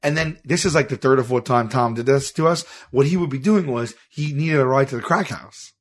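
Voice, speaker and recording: A man hosting a podcast, telling a story in a casual, animated way and acting out the people he quotes. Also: mid-range voice, fairly quick. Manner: animated, acts out quotes, laughs mid-story. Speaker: podcast host.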